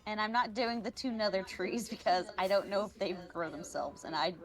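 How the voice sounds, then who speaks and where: A woman with a mid-range voice talks in a relaxed, easy way while she plays. She makes casual remarks about her progress in the game. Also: mid-range voice, a little fast, soft background music. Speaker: streamer. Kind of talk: casual chat while gaming. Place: home, streaming.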